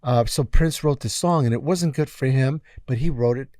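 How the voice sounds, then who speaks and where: Mellow-voiced man telling animated stories. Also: medium pitch, normal speed, dry recording. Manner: animated storyteller acting out quotes, many fillers. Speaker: music producer guest. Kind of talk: casual storytelling interview.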